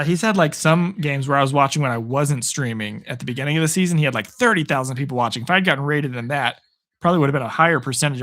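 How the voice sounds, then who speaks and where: A young man from Arizona, hoarse after a long day, casually calling football play by play on a live stream and chatting with viewers, rising with excitement on big plays. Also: a little high. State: hoarse, voice worn out.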